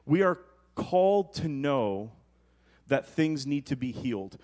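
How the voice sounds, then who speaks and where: A man preaching a sermon as pastor, rising to loud emphatic lines and slipping into joking asides. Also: medium pitch, big pitch swings, slow.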